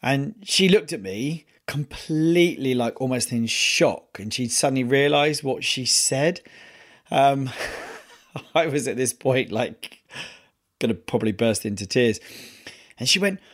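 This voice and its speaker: A man hosting a podcast, telling a personal story in an earnest, halting way with many pauses and restarts. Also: medium pitch. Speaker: podcast host.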